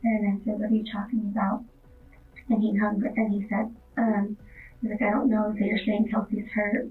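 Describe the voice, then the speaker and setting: A woman's voice: medium pitch, monotone, normal speed, faint music behind. A young woman in her twenties, a witness in a police interview, talking in a hesitant, rambling way full of fillers. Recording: distant, tinny phone-like interview recording.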